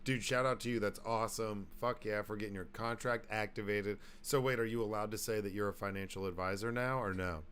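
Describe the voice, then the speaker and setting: Guy hosting a podcast, loud and jokey, swears a lot, smooth lowish voice. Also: fairly even intonation, a little fast, few pauses. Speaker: podcast host. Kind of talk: casual chat.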